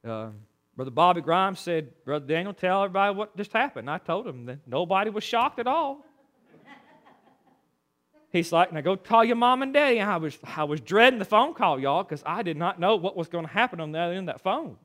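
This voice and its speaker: A man preaching a sermon, telling homely stories with a bright, tense edge. His voice sits high for a man and leaps up and down as he goes between loud proclamation and quiet aside. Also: lively intonation, brisk.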